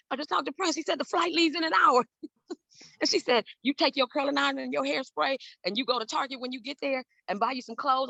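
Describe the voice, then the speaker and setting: A woman in her fifties from Southern California tells stories at a quick clip, her voice bright and a little gravelly. She acts out each person in her stories with big leaps in pitch. The sound is dry and close. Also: no echo. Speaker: guest, celebrity hair stylist. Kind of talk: animated storytelling in an interview.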